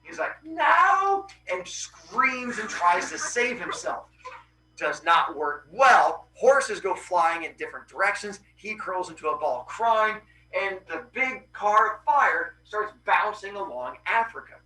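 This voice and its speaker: A man hosting a podcast, casually retelling Greek myths with animated voices for the characters. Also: sits high, measured pace, reverberant, recorded from a distance, slight background noise, low-quality recording. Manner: animated, acts out characters' cries. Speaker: podcast host.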